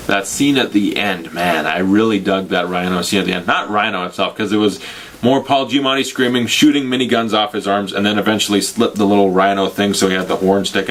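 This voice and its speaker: A man's voice: on the low side, fairly bright tone. A young man giving a casual, sarcastic movie review, ranting, swearing and acting out mock dialogue. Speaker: film reviewer. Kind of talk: casual spoiler review rant.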